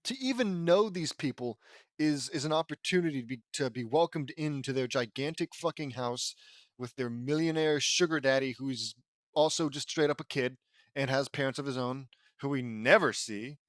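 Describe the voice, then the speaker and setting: A man's voice: medium pitch, moderate pace, no room sound, studio quality. A man reading fan fiction aloud and breaking off with profane, sarcastic, rambling commentary. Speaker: audiobook reader and commentator.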